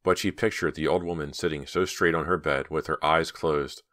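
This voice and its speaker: Very deep-voiced male audiobook narrator. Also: steady tone, moderate pace, a bit bright.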